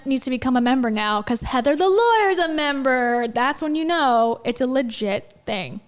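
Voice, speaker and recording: A woman's voice: sits high, lively intonation, moderate pace, few pauses, faint music behind. A woman hosting a livestream, chatting casually and skeptically as she comments on event clips and greets viewers. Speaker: livestream host reviewing an event.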